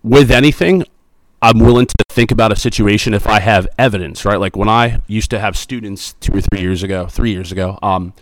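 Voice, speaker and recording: A man's voice: fairly low pitch, fairly quick, no echo. A man in his thirties, a school principal, answering student questions in a chatty, upbeat, joking way. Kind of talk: casual interview answers.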